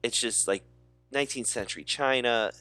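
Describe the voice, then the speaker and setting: A man's voice: mid-range voice, normal speed, sharp tone, dry recording. A man co-hosting a movie podcast, talking enthusiastically and rambling with fillers. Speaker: podcast co-host. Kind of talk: casual movie chat.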